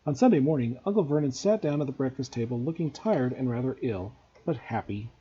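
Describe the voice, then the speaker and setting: Husky-voiced man reading a story. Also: mid-range voice, quick pace, warm tone, muffled recording. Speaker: teacher. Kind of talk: reading a novel aloud.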